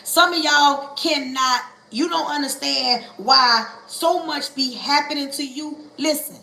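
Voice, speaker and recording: A woman preaching a livestream sermon, calling on listeners to say ouch, with a church cadence that stretches words and builds to shouting. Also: sits high, unhurried, vocal fry, hardly any pauses, reverberant, low-quality recording.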